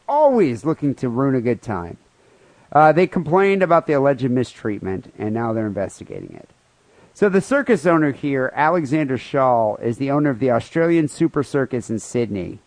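A man's voice: mid-range voice, darkish tone, no room sound. A man co-hosting a comedy podcast, telling a news story in crude, profane banter with mock outrage. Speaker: podcast co-host.

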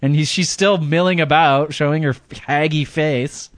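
A man's voice: a little high, steady tone, moderate pace, no room sound, clean studio sound. Chuckling man telling a story. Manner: rambling storytelling with frequent chuckles. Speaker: podcast co-host. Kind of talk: casual chat.

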